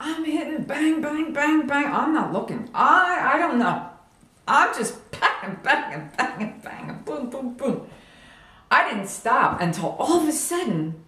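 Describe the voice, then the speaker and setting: A woman retelling a personal memory in a vivid, animated way, acting out moments with sound effects. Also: high-pitched, a little slow, echoey room. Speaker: storyteller. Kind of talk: personal storytelling vlog.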